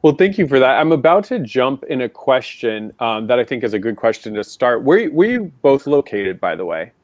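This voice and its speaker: A man's voice: medium pitch, sing-song, fairly quick, no room sound. A man with an American accent hosting a live panel over a video call, chatty and enthusiastic. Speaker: host.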